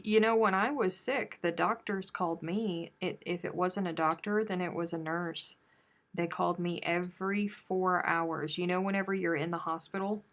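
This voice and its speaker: A woman hosting a crochet live stream, chatting casually with viewers and reading out their comments, with sudden loud animated outbursts. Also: lowish voice. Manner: chatty, reads and answers viewer chat; animated, bursts into loud exclamations.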